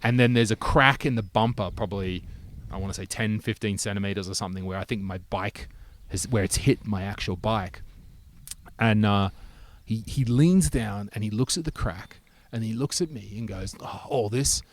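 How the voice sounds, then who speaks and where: A man's voice: on the low side, normal speed. A man, telling a long story in casual chat, swearing freely and acting out what people said. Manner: animated storyteller, swears freely, acts out quotes.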